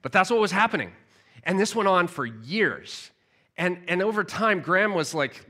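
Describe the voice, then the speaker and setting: A man preaching a sermon, telling a story with animated storytelling and frequent word repeats. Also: high voice, moderate pace. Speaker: pastor.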